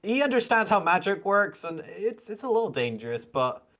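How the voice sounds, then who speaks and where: A man acting as game master, narrating a tabletop game in an animated, rambling way with frequent fillers. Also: high-pitched, moderate pace. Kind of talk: running a tabletop game over a live stream.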